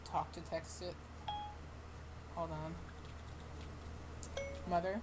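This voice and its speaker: A woman co-hosting a casual gaming session with friends, talking loudly, swearing and laughing as she tells stories over a headset. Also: medium pitch, moderate pace. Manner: loud, swearing, laughing, animated storytelling. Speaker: gaming channel co-host. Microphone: headset with push-to-talk. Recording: noisy voice-chat audio.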